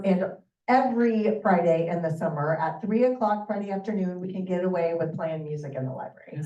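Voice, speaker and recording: A woman's voice: fairly low pitch, warm tone. A woman presenting library programs to a community audience, upbeat and asking the room questions. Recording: echoey room from far off, dull.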